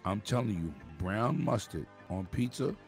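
A man from Brooklyn with a New York accent in casual, profane group banter, loudly arguing a point and cutting in to hold the floor. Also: on the low side, animated, normal speed, gravelly, faint music behind.

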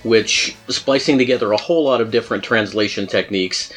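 A man's voice: lowish voice, fairly quick, a bit bright, soft background music. A man hosting a casual podcast chat, rambling and full of fillers, laughing often. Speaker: podcast host.

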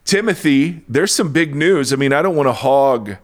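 A man's voice: a little high, expressive, moderate pace. A man co-hosting a podcast in casual chat, playful and self-deprecating, rambling and worn out after a booster shot. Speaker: podcast co-host.

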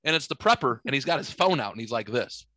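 A man's voice: medium pitch, animated, fast, pushed and bright, no echo. A man hosting a podcast, telling rambling, profane stories in casual chat. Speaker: podcast host. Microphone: studio microphone.

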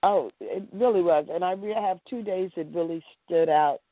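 A woman, an actress guest in an interview, telling animated stories and acting out what people said. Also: on the low side, normal speed, no room sound. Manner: animated storyteller acting out quotes. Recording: dry, tinny phone-like line.

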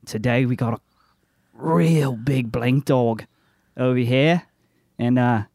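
A man voicing a brash male monster-slayer ranger in a deliberately bad put-on Australian accent, with chirpy showman patter. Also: medium pitch, gravelly, a little mellow, dry recording, clean studio sound.

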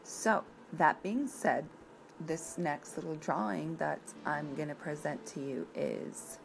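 A woman's voice: low-pitched, takes it slowly, creaky, background noise. A woman in her thirties from the area, chatting casually and bluntly, rambling and swearing now and then. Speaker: vlogger presenting a coloring page. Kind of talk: casual chat.

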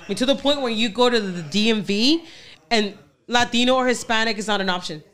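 A middle-aged woman from Texas telling a story in casual podcast chat, animated, laughing often and repeating phrases. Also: a little high, brisk.

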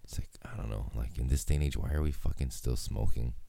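Solo podcast host, young man, very low gravelly voice, dark tone, rambling and profane. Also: quick pace, dry recording. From Hawaii. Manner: laid-back, rambling, heavy swearing. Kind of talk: casual solo podcast chat.

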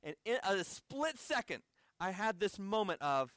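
A man's voice: high-pitched, sing-song, measured pace, fairly bright tone, dry recording, studio quality. An American man preaching a sermon as a conversational story with asides to the audience. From United States.

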